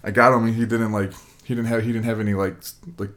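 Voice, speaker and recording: A man's voice: on the low side, flat delivery, fast, a bit bright. A man, around his twenties, telling a long casual story, rambling with lots of fillers. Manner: rambling, lots of "like" and "you know".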